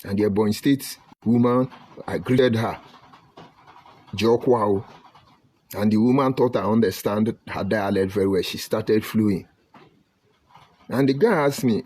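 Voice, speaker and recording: A Nigerian man from Delta State giving an impassioned online broadcast, preaching emphatically and swinging between loud outbursts and low murmurs. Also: normal speed, dry recording. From Nigeria (Delta State, Ika). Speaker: online commentator.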